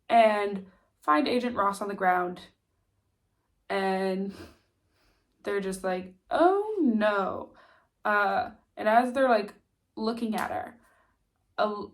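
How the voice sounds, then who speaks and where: A woman with a stuffy nose casually recapping a TV series, chatty and full of "like" and "um". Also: medium pitch. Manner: chatty, lots of "like" and "um" fillers. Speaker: TV recap vlogger.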